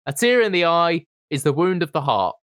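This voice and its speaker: A man's voice: a little high, sing-song, brisk, fairly bright tone, clear, resonant tone, no echo, studio quality. A man in casual comedic chat, joking and laughing often while reading lines aloud in mock voices.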